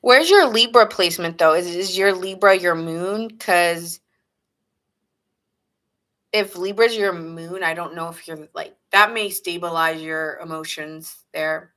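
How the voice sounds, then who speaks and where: A woman with a bright, ringing voice talks through a tarot reading in a loose, conversational way. She muses aloud, responds to viewers' comments and laughs easily as she goes. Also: fairly low pitch, a little slow. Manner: casual, chatty, reacts to viewers' comments. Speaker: tarot reader. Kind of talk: live tarot reading chat.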